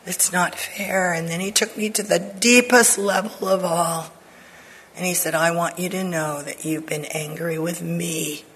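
An older woman Bible teacher giving an earnest personal testimony to women, dropping to soft whispers for emphasis. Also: fairly low pitch, fairly even intonation, unhurried, breathy edge, rough recording.

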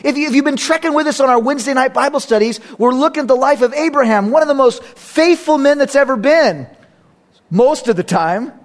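High-voiced pastor preaching with animated storytelling. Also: male voice, brisk. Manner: animated storytelling, acting out characters; swings between loud emphasis and quiet asides. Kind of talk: sermon.

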